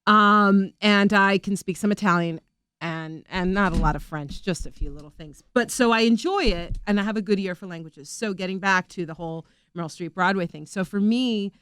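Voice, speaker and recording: A middle-aged woman chats freely as an interview guest, with a voice of medium pitch. She rambles and bubbles along, often breaking into laughter. The sound is dry and close, with no room in it. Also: moderate pace, fairly bright tone, clear, resonant tone, dry recording. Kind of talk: casual interview chat.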